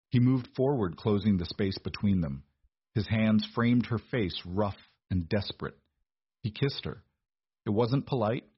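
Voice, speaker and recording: A man narrates a romance story in a steady, measured way. His voice is low and husky. The recording sounds dull and dry, with no room echo.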